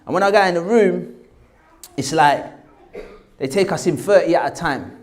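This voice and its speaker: A man's voice: a little high, moderate pace. A man in his forties with a South London accent, an actor telling a story about his past and acting out the people in it. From England. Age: 40s. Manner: animated, acts out the people he quotes. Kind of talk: storytelling anecdote.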